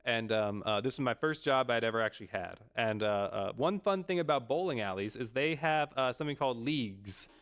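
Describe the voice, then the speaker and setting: A man's voice: mid-range voice, expressive, brisk, few pauses, a bit bright, smooth. A young adult man streaming, talking casually and rambling with many fillers and restarts. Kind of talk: casual chat.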